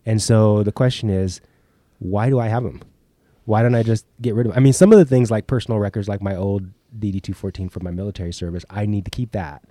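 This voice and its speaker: A man's voice: fairly low pitch, quick pace, mellow, dry recording, clean studio sound. A middle-aged man with a cold co-hosting a podcast, talking candidly and swearing casually. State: congested with a cold. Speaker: podcast co-host.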